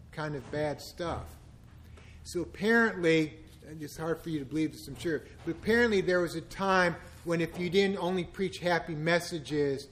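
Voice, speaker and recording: A middle-aged man preaching a sermon as pastor, speaking conversationally and growing emphatic and impassioned. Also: high-pitched.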